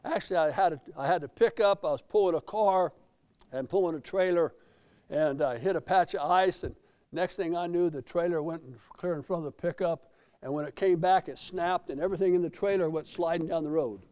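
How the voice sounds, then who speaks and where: A middle-aged American man preaching a sermon, telling folksy stories and swelling loud in praise. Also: on the high side, fairly quick, clear, resonant tone. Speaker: pastor.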